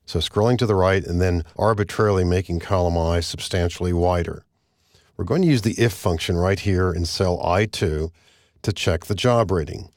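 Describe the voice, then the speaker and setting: A man narrating a screen-recorded software tutorial, explaining each step in a measured, methodical way. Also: deep voice, dry recording, studio quality. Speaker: software instructor.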